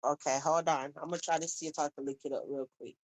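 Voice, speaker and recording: A woman hosts a casual livestream, reading comments from chat in a chatty, animated way and calling viewers baby. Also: deep voice, fast, no echo, rough recording.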